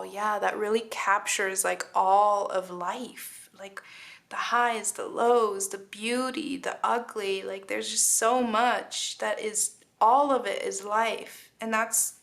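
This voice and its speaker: A woman's voice: fairly high pitch, a bit bright. A woman giving a casual spoken tarot reading, earnest and emotional, talking with many fillers and restarts. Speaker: tarot reader.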